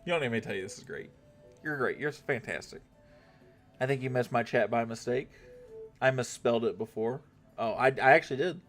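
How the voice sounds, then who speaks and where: A man's voice: medium pitch, fairly quick, long pauses, a bit bright, soft background music. A young man streaming a mobile game, chatting casually with viewers and swearing now and then. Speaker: gaming livestreamer. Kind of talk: casual live-stream chat.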